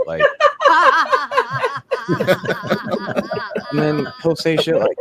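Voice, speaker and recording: A man's voice: fairly low pitch, huge pitch swings, a little slow, pauses often, heavy background noise. A man performing a stand-up comedy set, loose and profane, with lots of fillers. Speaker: comedian contestant.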